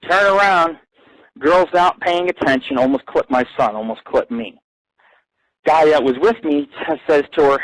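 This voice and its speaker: A young adult man hosting an internet radio show, telling profane, rambling stories and ranting with loud outbursts. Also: expressive, moderate pace, no echo, rough recording. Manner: crude, ranting, swings between low mutter and loud outburst. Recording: dry close-mic internet radio.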